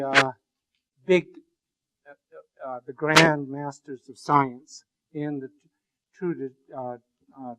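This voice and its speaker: Male lecturer, slightly raised pitch, digressive and jokey, stumbles and restarts often in front of a class. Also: fairly bright tone, rough recording. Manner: rambling and joking, with many halting restarts. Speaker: university lecturer.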